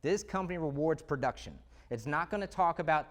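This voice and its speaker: A man giving an energetic, conversational presentation to real estate agents, full of rhetorical questions. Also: medium pitch, fast talker, few pauses. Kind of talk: live sales presentation.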